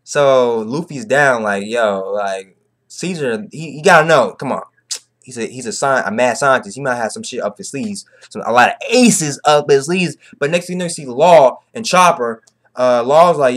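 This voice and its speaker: A young man giving a casual, slang-heavy chapter recap, excitable and repetitive. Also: fairly high pitch, a little fast. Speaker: manga reviewer.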